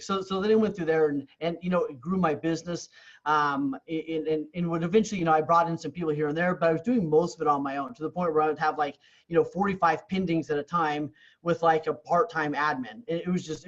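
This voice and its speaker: A man's voice: on the high side, steady tone, fairly quick. Earnest man with a muffled sound. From Canada. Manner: earnest, repeats words and restarts often. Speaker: real estate coach, podcast guest. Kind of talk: candid storytelling in a podcast interview.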